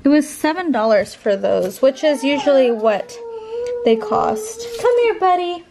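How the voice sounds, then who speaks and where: A woman's voice: high voice, sing-song, unhurried, creaky. A young woman vlogging casually to her handheld camera, chatty and rambling, with lots of fillers as she shows her shopping. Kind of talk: casual shop-with-me vlog. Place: in her car, then at home. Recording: loud background noise.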